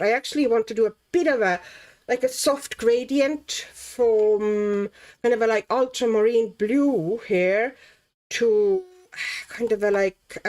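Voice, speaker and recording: Slow, chatty woman colouring on stream. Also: fairly high pitch, a little mellow. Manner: chatty, laughs often, reads chat names aloud; muses aloud while working. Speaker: livestream host. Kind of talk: casual chat while colouring.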